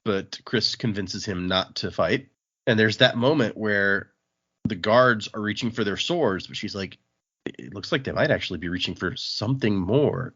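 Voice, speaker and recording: Man, casual chat, lively pitch, acts out lines, dull lo-fi recording. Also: husky. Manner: animated storytelling, acting out characters' lines. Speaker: podcast co-host recapping a graphic novel. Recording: dull lo-fi podcast audio.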